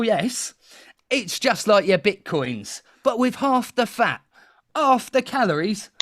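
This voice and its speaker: A man putting on a deliberately bad Cockney accent to voice a brash pitchman in a comic mock advert, with a hammy sales spiel. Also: fairly bright tone, no room sound, clean studio sound. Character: brash male Cockney pitchman hawking a product.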